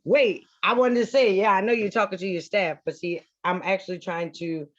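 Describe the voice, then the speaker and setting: A man's voice: high voice, steady tone, normal speed, fairly bright tone. A man joining a video call to ask a question, earnest and a bit hesitant. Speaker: caller. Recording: dull lo-fi call audio.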